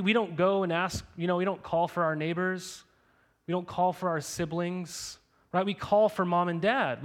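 A young man preaching a sermon to his congregation in a conversational way, full of rhetorical questions and "right?". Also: high-pitched. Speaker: pastor.

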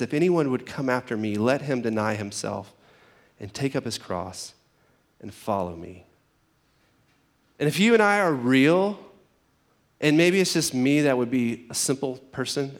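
A man's voice: fairly high pitch, animated, normal speed. Casual, conversational male pastor. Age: adult parent. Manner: conversational, acts out biblical characters in casual voices. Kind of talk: sermon.

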